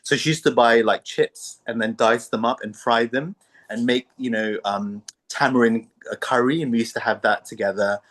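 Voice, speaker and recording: A man as a podcast guest, telling family stories in conversation in an animated way and laughing often. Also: medium pitch, moderate pace. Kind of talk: storytelling in conversation.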